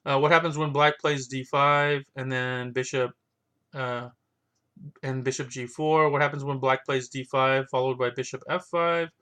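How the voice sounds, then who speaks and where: A man with a bright, forward voice talks casually and unscripted. He thinks aloud as he goes, circling back and restarting his sentences. His pitch sits in an ordinary middle range. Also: fairly even intonation, normal speed, clear, resonant tone. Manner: thinking aloud, rambling with many restarts and fillers. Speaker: vlogger reviewing his chess books.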